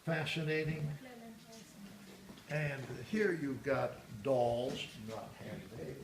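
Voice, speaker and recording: A man leads a museum tour, rambling through the exhibits with frequent pauses and restarts. His voice has a gravelly edge at a middling pitch. The echoey room carries a faint hum of background noise. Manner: rambling, with many hesitations and restarts. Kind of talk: guided tour explanation.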